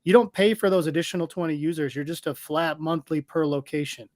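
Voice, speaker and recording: A man talking as a guest in a casual interview, walking through how his product works with confident, steady explanations. His voice sits a little higher than most men's and sounds dry and close, with no room echo. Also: brisk. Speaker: software company guest.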